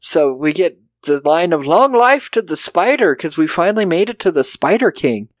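A man with a fairly high voice recaps a movie on a podcast, cursing freely and putting on the characters' lines for laughs. The sound is dry and close, with no room around it. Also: sing-song, normal speed, no echo. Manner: profane, jokey, acts out characters' lines. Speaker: podcast co-host. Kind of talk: casual film review chat.

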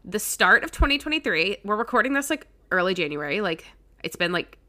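Bright-voiced chatty young woman podcaster. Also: medium pitch, big pitch swings, fairly quick. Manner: chatty, lots of "like" and "um". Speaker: podcast co-host. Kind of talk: casual podcast chat.

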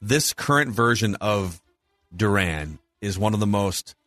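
A man's voice: lowish voice, lively intonation, a little slow, a bit bright, no echo, soft background music. A man in his forties with a Minnesota accent, hosting a casual sports podcast and eagerly running through rankings. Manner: enthusiastic, lists rankings. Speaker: podcast host.

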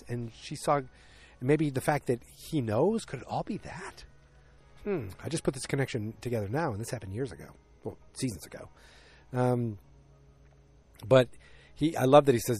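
Man, 40s, casual episode recap, rambling, lots of ums and asides, middle-pitched voice. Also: gravelly, a little mellow, husky. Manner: rambling, filler-heavy, opinionated asides.

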